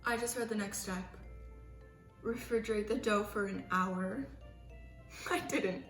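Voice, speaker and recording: A woman's voice: medium pitch, slow, fairly bright tone. Chatty young woman in an echoey kitchen. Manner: chatty, self-mocking, dramatic. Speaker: vlogger. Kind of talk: casual baking vlog chat. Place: home kitchen. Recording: echoey room with faint music.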